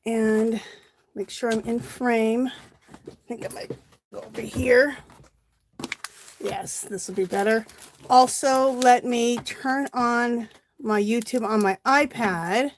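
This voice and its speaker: Woman, middle-aged, slightly high voice, breathless, casual livestream chatter, friendly greetings. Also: fairly even intonation, slow pace, long pauses, a little hiss or hum. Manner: chatty, greets viewers by name with lifted voice. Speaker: craft livestream host. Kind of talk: casual live-stream chat while crafting. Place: home craft room.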